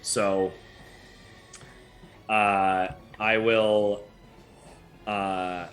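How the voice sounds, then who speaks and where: A man's voice: on the low side, little pitch movement, drawn-out words, fairly bright tone, soft background music. A man with a Canadian accent, rambling through his moves in a casual tabletop game with frequent restarts. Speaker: player.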